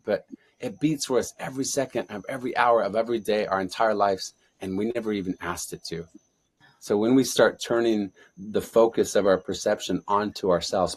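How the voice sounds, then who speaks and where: This man's voice is somewhat low and husky. Appearing as a guest on an interview show, he speaks fervently and preaches, repeating affirmations in a motivational style.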